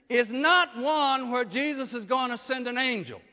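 A man preaching a sermon, often asking the congregation questions and rising to loud, emphatic peaks. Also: extremely high pitch, lively intonation, slow pace. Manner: call-and-response preaching, asks the congregation questions. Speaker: pastor. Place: church. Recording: dull lo-fi church hall recording.

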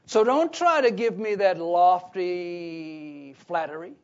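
A man preaching a Bible teaching sermon, emphatic, often pausing on "what?" so listeners fill in the words. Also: sits high. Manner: emphatic, repeats key phrases. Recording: dull lo-fi recording.

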